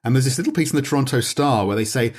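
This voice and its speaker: Fast-talking British man chatting. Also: medium pitch, lively intonation. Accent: British English. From Britain. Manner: rambling, digressive, reads aloud from notes. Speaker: podcast guest discussing documentary. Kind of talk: casual chat.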